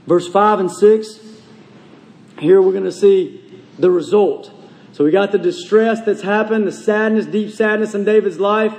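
Male pastor, high voice, earnest sermon delivery, big church reverb. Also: fairly even intonation, a little mellow. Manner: earnest preaching, slows and drops low on key phrases.

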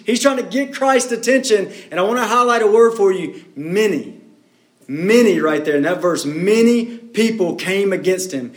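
A man with a notably high voice preaching a sermon, his delivery swinging from hushed, low lines to loud, raised cries. The sound is roomy and echoey. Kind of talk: expository sermon.

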